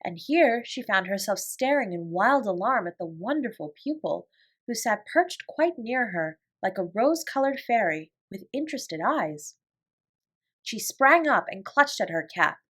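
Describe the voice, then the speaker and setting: A woman narrating a classic children's novel as a bedtime story, in an expressive storytelling voice. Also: medium pitch, a little slow, husky. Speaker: audiobook reader.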